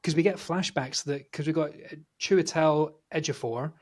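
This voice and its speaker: Animated man chatting about films. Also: a little high, normal speed. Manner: animated storyteller, swears freely. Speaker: podcast co-host. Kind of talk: casual film review chat.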